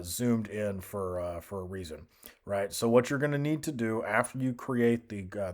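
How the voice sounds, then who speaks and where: A young man casually talking through a music software tutorial, thinking aloud with fillers and restarts. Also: fairly low pitch. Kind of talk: screen-recorded software tutorial.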